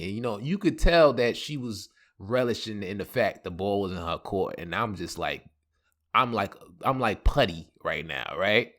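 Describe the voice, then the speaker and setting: A man's voice: medium pitch, measured pace. A man hosting a podcast. He tells a story casually, using a lot of slang and fillers and acting out quotes in different voices. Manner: animated, acts out quotes in voices; relaxed slang with many fillers. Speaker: podcast host.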